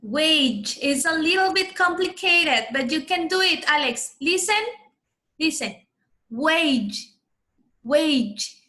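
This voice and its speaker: A woman with a high, bright voice leads an online class for children. She is patient and coaches each pupil's pronunciation. She speaks over a computer microphone on a video call. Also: animated, unhurried. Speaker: English teacher.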